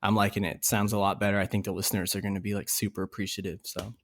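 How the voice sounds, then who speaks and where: A man's voice: lowish voice, level tone, very fast. A man co-hosting a casual podcast, telling a story and laughing through his words. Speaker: podcast co-host.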